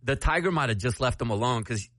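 Radio guy telling a story, relaxed, chatty, dry close mic. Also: mid-range voice, fast talker, dry recording. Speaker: radio show co-host. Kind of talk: casual radio banter.

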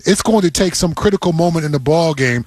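A man on a sports radio panel whose delivery turns rallying and preachy. His voice is husky and sits high for a man. The sound is dry and close-miked. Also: lively intonation, fast, a little mellow, no room sound. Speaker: radio co-host.

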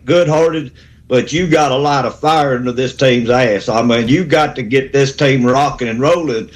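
A man, calling a sports radio show with a rambling, fired-up pep talk. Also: mid-range voice. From Alabama. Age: 60s. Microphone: phone call.

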